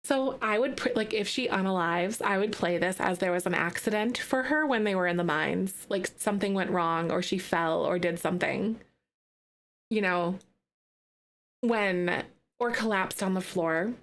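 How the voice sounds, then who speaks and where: A woman's voice: mid-range voice, normal speed. A woman streaming a life-sim game, chatting to her viewers in a loose, filler-heavy way. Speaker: gaming streamer. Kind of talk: live-streamed gameplay commentary.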